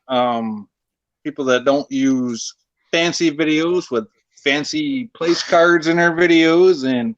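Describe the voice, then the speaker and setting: A blunt, crude-talking man pitches his channel on a live stream, cursing casually. His voice sits a bit high and comes through dull and lo-fi. The sound is dry. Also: dry recording. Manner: crude, blunt, lots of swearing. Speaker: stream guest, channel owner.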